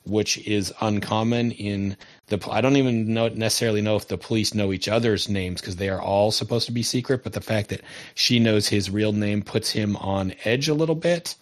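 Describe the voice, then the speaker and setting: Low-voiced man eagerly retelling an episode. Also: normal speed. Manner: lively retelling, often laughing. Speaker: podcast co-host. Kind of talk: casual TV episode recap.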